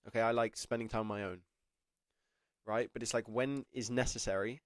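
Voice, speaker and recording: This apprenticeship advice vlogger is a young man with a fairly low, steady voice that runs a little fast. He chats to camera in a rambling way, leaning heavily on "like" and frequently laughing at himself. The studio recording has no echo.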